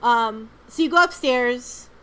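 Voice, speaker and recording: A woman's voice: a little high, slow, sharp tone, clean tone, rough recording. A woman co-hosting a podcast, telling rambling stories in casual chat, with lots of "um" and "like" and free swearing. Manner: rambling storyteller, frequent "um" and "like", swears freely. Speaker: podcast co-host.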